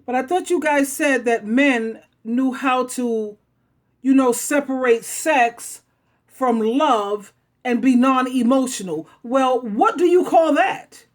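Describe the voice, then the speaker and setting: Blunt, sassy high-voiced woman host. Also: slow. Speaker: talk show host. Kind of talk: casual relationship talk.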